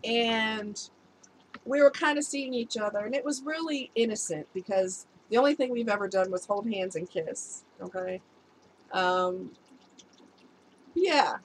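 A woman's voice: a little high, a little slow, slight background noise, low-quality recording. A woman, an adult past her youth, telling a personal story to her viewers in a casual, chatty way and laughing at herself. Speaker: vlogger giving relationship advice.

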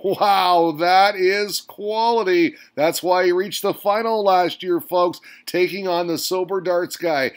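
A man's voice: high voice, steady tone, slow, few pauses. A man hosting a mock sports recap with a hyped announcer delivery full of exclamations. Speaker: host.

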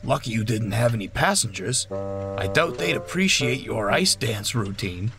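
A man voicing a calm, sarcastic male steam engine in a storybook reading. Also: mid-range voice, moderate pace, over music, close to an everyday voice. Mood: dry. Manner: dry, sarcastic.

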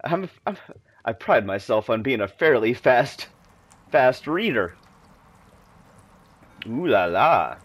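A man's voice: mid-range voice, big pitch swings, unhurried, husky. A man commenting in a jokey manner as he plays a video game, reacting aloud. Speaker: gaming video host. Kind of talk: let's play commentary.

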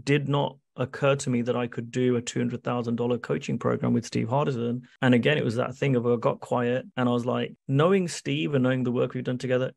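A man speaking as a coaching guest in an interview. His voice is gravelly and rough-edged, and he talks casually but earnestly. He drives his points home by repeating them. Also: mid-range voice, darkish tone. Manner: earnest and emphatic, repeats key phrases, acts out quoted exchanges. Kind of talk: conversational interview answer.

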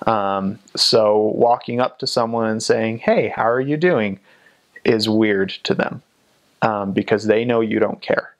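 A young man and former missionary in casual interview talk, chatty, with frequent ums and restarts. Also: lowish voice.

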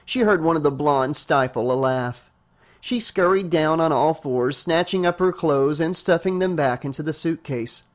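A man narrating a horror novel as an audiobook reader, with a steady storytelling delivery. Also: on the high side, normal speed.

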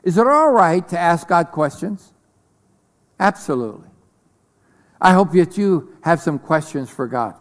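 A man preaching a sermon as pastor, slow and deliberate, swinging between loud declarations and soft whispers. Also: a little high, expressive, long reverb tail. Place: church sanctuary.

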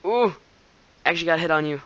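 Excitable young man commenting on a game. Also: on the high side, brisk, highs cut off. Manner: excitable, laughs often, shouts at opponents. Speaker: gameplay commentator. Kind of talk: live gameplay commentary.

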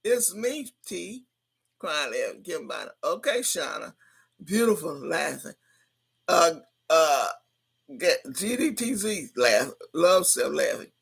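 A woman's voice: sits low, very animated, slow pace, gravelly, slightly rough. A woman in her sixties hosting a livestream, reading viewers' comments aloud in a brash, profane way and laughing often. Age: 60s. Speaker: livestream host.

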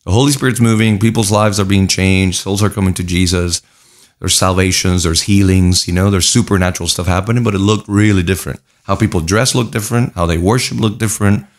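Low-voiced pastor from Puerto Rico, earnest guest telling his story in lists. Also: fairly even intonation, fairly quick. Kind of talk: casual interview conversation.

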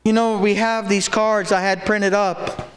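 A man preaching a sermon, folksy in his storytelling and breaking into shouted exhortations. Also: sits high, little pitch movement, unhurried. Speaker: pastor. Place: church sanctuary. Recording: echoey church room.

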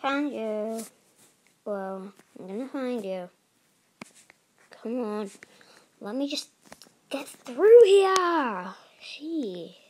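A young woman giving casual, excitable commentary while playing a game with others. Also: a little high, extremely slow, pauses often, slight background noise, poor audio. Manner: playful, excitable, talks to other players. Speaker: gaming video host.

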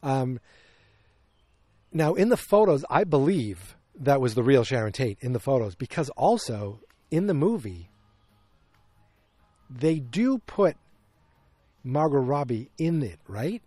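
This podcast host speaks slowly in a sing-song, mid-range voice that is dark and slightly rough, pausing often, with no echo. His casual chat about a film is rambling, opinionated and full of self-corrections.

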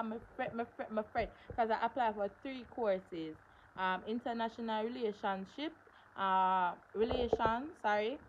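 A woman's voice: mid-range voice, highs cut off, a little hiss or hum. A young woman, telling a story on her livestream in an emphatic way, repeating phrases for stress. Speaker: livestream host.

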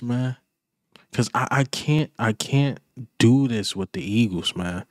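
A man's voice: medium pitch, dry recording, studio quality. A man vlogging a frustrated, emphatic sports reaction rant, repeating his points in casual slang.

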